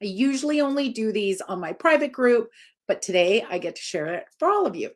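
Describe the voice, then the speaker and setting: A woman in her forties, a dog trainer giving an informal live video talk, expressive and swinging up high for emphasis. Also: brisk.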